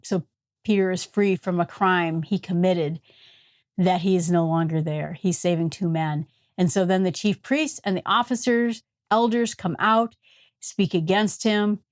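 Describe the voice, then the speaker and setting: A woman's voice: on the low side, fairly even intonation, a little slow, no room sound. Woman, Upper Peninsula Michigan accent, Bible study host, conversational, dry close sound. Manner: conversational, retells scenes with asides. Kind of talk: casual Bible teaching.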